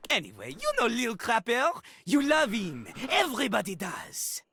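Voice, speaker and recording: French toilet rapper in a game, bragging, rhymes all sing-songy, beat playing loud. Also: male voice, very high-pitched, wildly swooping pitch, moderate pace, vocal fry, full character voice. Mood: boastful. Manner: boastful, sing-song rapping and hype talk. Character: cocky male toilet rapper with a French hype-man manner. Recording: game audio with music behind.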